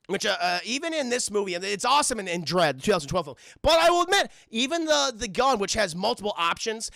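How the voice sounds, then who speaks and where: A man streaming a casual, profane, animated film recap, constantly calling out to his chat. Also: high-pitched, gravelly, dry recording, studio quality.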